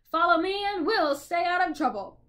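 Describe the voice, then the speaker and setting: A woman voicing a self-important male humbug, a large bug, who speaks loudly. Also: very high-pitched, expressive, moderate pace, pitched above the performer's own voice, full character voice. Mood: pompous.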